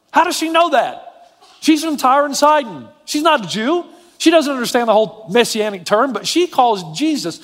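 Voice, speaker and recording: A man preaching a sermon as a pastor, animated and swinging between low, quiet passages and high, emphatic ones. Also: long reverb tail.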